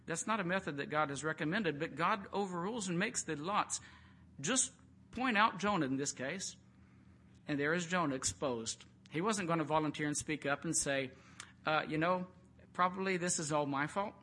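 A man delivers a sermon with a bright, slightly raised voice. He tells the story in a relaxed, conversational way and slips into acted-out quotes. Faint background noise runs under the recording. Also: a little high, normal speed. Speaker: preacher.

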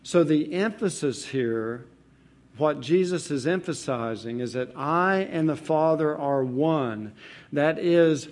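A man's voice: fairly high pitch, takes it slowly, a little mellow. A man preaching a sermon as pastor, reading verses aloud and stressing key words. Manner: emphatic, reads scripture aloud.

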